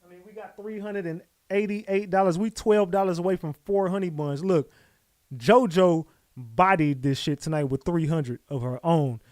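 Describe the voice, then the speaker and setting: Male streamer, slightly high-pitched, loose and casual, keeps repeating his thanks to viewers. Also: normal speed, no echo. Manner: loose and chatty, repeats his shout-outs. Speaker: livestream host. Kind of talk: casual livestream chat.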